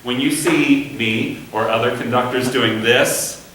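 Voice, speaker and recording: A man's voice: medium pitch, a little slow, fairly bright tone. Patient male conducting teacher, echoey room. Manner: patient, demonstrative, sings syllables to show rhythm. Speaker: conducting instructor. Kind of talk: classroom coaching. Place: rehearsal room. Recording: echoey room from far off, faint hiss.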